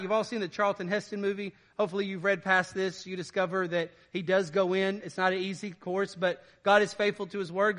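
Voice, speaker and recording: A pastor preaches in a church, his voice pitched high and ringing bright and forceful. He reads the verses aloud, then breaks them down in plain, everyday talk. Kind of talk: sermon with scripture reading.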